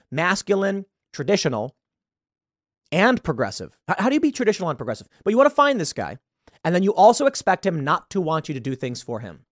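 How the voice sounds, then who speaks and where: A man's voice: a little high, no room sound, clean studio sound. A man hosting a commentary show, reading out a news story and mocking it with sarcastic asides. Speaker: show host.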